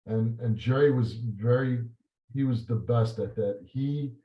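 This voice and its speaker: Guy reminiscing in an interview, lots of uh and you know, roomy slightly muffled sound. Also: mid-range voice. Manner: storytelling, halting with many fillers and restarts. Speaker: talk show host as guest. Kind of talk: reflective interview answers.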